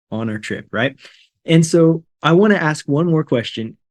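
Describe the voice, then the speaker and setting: A man's voice: a little high, expressive, moderate pace. A man from the United States hosting an English-learning interview, speaking in an encouraging way and modeling pronunciation. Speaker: interview host, English teacher. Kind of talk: casual interview.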